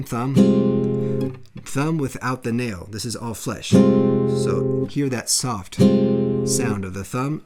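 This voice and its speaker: A man giving a step-by-step guitar lesson, explaining strumming patterns and counting beats aloud as he plays. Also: medium pitch. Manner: counts beats aloud while playing, encouraging. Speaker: guitar teacher. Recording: loud guitar playing under the voice.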